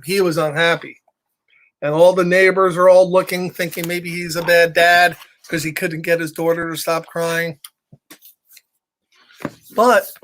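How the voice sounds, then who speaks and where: A man reading a picture book aloud to young children, with animated, chatty asides to his listeners. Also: high voice. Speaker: storytime reader for children.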